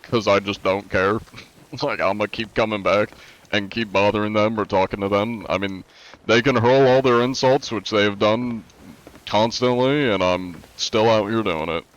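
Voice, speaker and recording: Young male streamer, deep and congested, laid-back rambling chat, lo-fi audio. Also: normal speed. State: congested from allergies. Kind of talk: casual live-stream chat.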